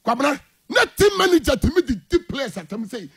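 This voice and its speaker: A man's voice: very high voice, very animated, brisk, fairly bright tone. A man with a Ghanaian accent, a football coach speaking indignantly in a heated interview, mixing English and Twi.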